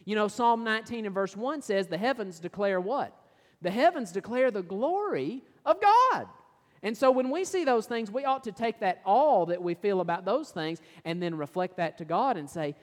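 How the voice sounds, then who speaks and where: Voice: medium pitch, animated, normal speed. Preacher, sermon, mid-range voice, rhetorical questions, reads scripture, reverberant hall. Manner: asks the listeners rhetorical questions; reads and explains scripture verses.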